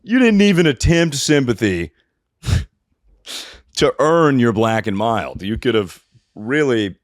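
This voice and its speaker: A man's voice: medium pitch, expressive, slow, no room sound, clean studio sound. A man hosting a comedy podcast, telling rambling self-mocking stories and swearing often. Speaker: podcast host. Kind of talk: casual comedic storytelling.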